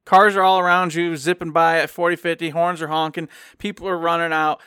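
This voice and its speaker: A man from Michigan, co-hosting a podcast and telling a rambling, animated story in casual chat, acting out the people he quotes. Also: a little high, brisk, clear, resonant tone, dry recording, clean studio sound. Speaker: podcast co-host.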